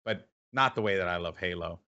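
Guy with a bright tense voice, esports host, rambling animated story, kinda dull lo-fi audio. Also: deep voice, a little fast, smooth. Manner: animated, lots of fillers and restarts. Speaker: esports event host and announcer. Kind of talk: casual interview storytelling.

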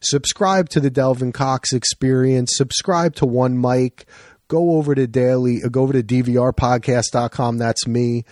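A man hosting a podcast, chatting casually with friends in an animated, profane, rambling way. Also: mid-range voice, moderate pace, dry recording, studio quality. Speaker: podcast host.

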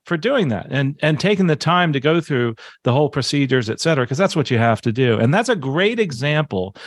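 A man's voice: on the high side, sing-song, a little fast, dry recording. Enthusiastic man, dry close sound. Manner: enthusiastic, restarts and fillers. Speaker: podcast host. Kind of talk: casual interview chat.

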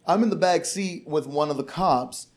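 A man's voice: a little high, normal speed. A man who works as a comedian, telling a long story in casual, profane, rambling podcast chat. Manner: profane, rambling, animated retelling.

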